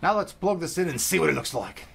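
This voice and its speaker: Man putting on a gruff pirate voice. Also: a little high, lively intonation, fast, fairly bright tone, full character voice. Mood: playful. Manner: growly, playful put-on pirate voice with sound effects. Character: gruff male pirate narrating an unboxing. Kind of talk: playful unboxing in character.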